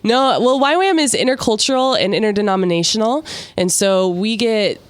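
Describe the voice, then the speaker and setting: A woman's voice: medium pitch, expressive, normal speed, no room sound. A young woman guest on a radio talk show, chatting in an upbeat way and laughing often. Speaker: guest, mission volunteer.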